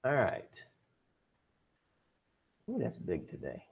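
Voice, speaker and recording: A man's voice: on the low side, huge pitch swings, slow, vocal fry, slightly rough, phone-quality sound. A man teaching a drama and chorus class over a video call, chatty and upbeat, with joking asides to his students. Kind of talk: virtual class lesson. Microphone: computer mic on a video call.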